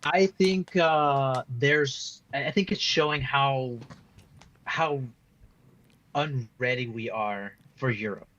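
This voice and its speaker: A man's voice: mid-range voice, takes it slowly, fairly bright tone, lo-fi sound. A man giving a casual post-match fan reaction, rambling and frustrated, full of restarts and "like" fillers. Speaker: football fan being interviewed.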